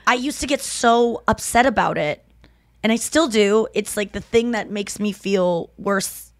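A woman's voice: mid-range voice, a little slow. A woman in her thirties hosts a casual podcast chat. She tells stories with energy and acts out the lines of the people in them. Her voice sits close to the mic in a dry room with no echo. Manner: animated storytelling, acting out quotes. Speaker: podcast host.

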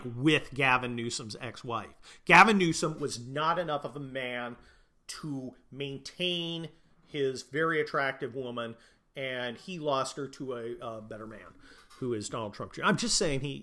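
A medium-pitched man offers opinionated, casual commentary that's blunt and crude, peppered with joking asides. He swings from loud bursts to muttered remarks.

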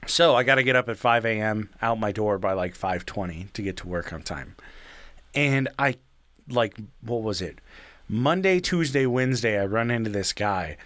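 A man's voice: lowish voice, lively intonation, moderate pace, fairly bright tone, no room sound. A young man on a podcast telling a story in a casual, rambling way, full of fillers and swearing.

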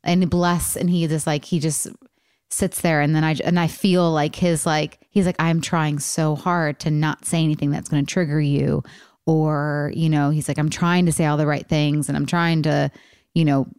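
Woman podcast host, low voice, dry close mic, candid and rambling with lots of fillers. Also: flat delivery, moderate pace, a little mellow, clean tone, dry recording. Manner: rambling, many fillers and restarts. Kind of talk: candid casual chat.

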